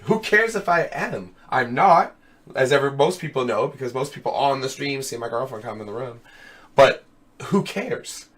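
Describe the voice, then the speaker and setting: A young man with a hoarse, worn voice, streaming and chatting casually with his viewers, rambling with lots of fillers and calling them dude and brother. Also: mid-range voice, lively intonation, normal speed, a bit bright. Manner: rambling, fillers of "you know what I mean". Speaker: streamer hosting a web show. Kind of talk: casual live-stream chat. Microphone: headset.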